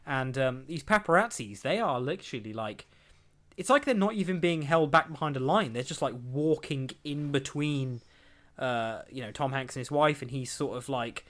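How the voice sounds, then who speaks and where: A young man hosting a podcast talks at normal speed in a mid-range voice with lively intonation. His casual run through entertainment news is rambling and chatty, with frequent laughs and quotes he acts out.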